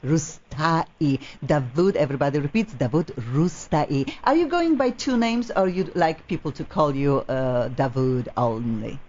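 A woman's voice: low voice, big pitch swings, moderate pace, hardly any pauses, a little mellow, muffled recording. A woman from Poland with a Polish accent, hosting a live radio talk show in a gushing, effusive way. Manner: effusive, gushing, non-native grammar.

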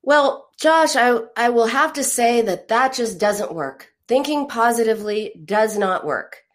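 A woman's voice: a little high, lively intonation, unhurried. A middle-aged woman therapist talking through feelings in a counseling conversation, explaining with stories and acting out the voices she quotes.

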